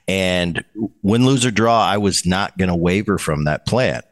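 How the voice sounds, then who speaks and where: A man's voice: deep voice, measured pace. A middle-aged man hosting a podcast, telling stories in casual chat and acting out the voices he quotes, with many restarts. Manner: animated, acts out quoted voices, frequent restarts. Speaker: podcast host, former player. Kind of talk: casual conversational storytelling.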